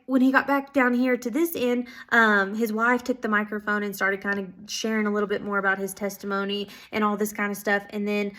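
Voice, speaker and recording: A woman telling stories of answered prayer to her viewers, casual and excited, with lots of "um"s and "like"s. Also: medium pitch, moderate pace. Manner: excited, filler-heavy, many "like"s and "um"s. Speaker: ministry school student. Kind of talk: casual testimony storytelling.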